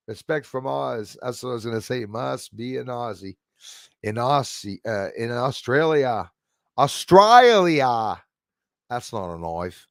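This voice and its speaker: A man rambles through a casual livestream, reading out viewer comments, laughing often and trailing off with fillers. His voice sits at an ordinary middle pitch. The sound is dry and close, with no room echo. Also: creaky. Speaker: livestream host.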